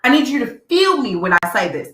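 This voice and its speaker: A woman hosting a podcast in casual commentary, blunt and animated, repeating her points for emphasis. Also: a little high, brisk, roomy sound, rough recording. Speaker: podcast host.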